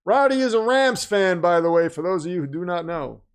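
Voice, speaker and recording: Excitable high-voiced man streaming live. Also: a little fast, clear, resonant tone. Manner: excitable, announcer-style hype with chatty asides. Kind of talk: casual live-stream commentary.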